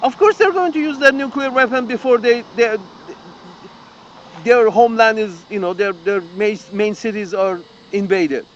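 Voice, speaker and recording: At a normal speed and in a high-sitting voice, a male political commentator delivers a furious, profane open-letter rant full of repetition and restarted sentences. Dull audio carries slight background noise.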